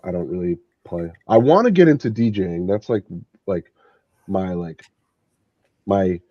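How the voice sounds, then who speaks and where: A man's voice: low-pitched, lively intonation, unhurried, no room sound. A young man co-hosting a podcast in casual chat, laid-back and filling his talk with "like". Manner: laid-back, many filler likes. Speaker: podcast co-host. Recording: dull dry lo-fi mic.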